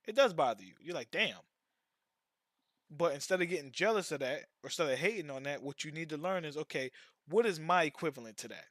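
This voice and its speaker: A man's voice: fairly high pitch, a bit bright, no echo, clean studio sound. A man who streams and makes music, chatting loosely with his viewers in slang, swearing freely and repeating himself. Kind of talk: casual live-stream chat.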